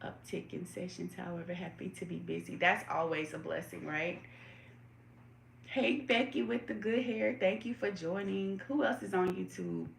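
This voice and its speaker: A woman's voice: lowish voice, steady tone, moderate pace, gravelly, slight background noise. A woman hosting a live tarot stream, asking her viewers reflective questions and greeting them by name. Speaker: tarot reader hosting a livestream. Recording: roomy echo.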